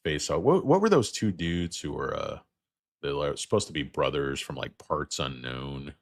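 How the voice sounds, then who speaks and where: A man with an extremely low voice, hoarse and fading as he comes down with something. He hosts a loose stock livestream in crude, rambling chatter aimed at his viewers. The sound is dry and close, with no room echo. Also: animated, normal speed. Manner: rambling, crude, joking asides. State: losing his voice, feeling sick. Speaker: stock market livestream host. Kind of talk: casual livestream chat with viewers.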